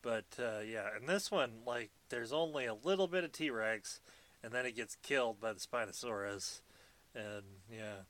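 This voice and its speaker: A man in a relaxed podcast chat, talking through a film's plot in loose, meandering sentences. He swears freely and keeps things joking. His voice sits at an ordinary middle pitch. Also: moderate pace. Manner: rambling, profane, joking. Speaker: podcast co-host. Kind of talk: casual movie recap chat.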